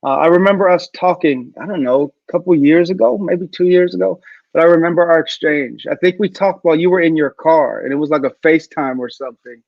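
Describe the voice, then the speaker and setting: A man speaking as a guest in a video call interview, an animated storyteller who acts out the voices he quotes. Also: a little high, a little fast, vocal fry, no echo, dull audio.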